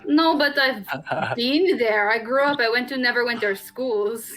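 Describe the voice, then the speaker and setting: A woman's voice: fairly high pitch, animated, measured pace, a bit bright, soft background music. A woman playing a tabletop game, brash and swearing. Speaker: player. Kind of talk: tabletop role-play.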